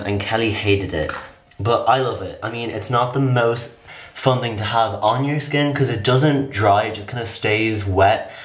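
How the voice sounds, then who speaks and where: Slightly raspy young man, echoey room. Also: on the low side. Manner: rambling, filler-heavy, upbeat. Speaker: beauty vlogger. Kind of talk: casual skincare tutorial.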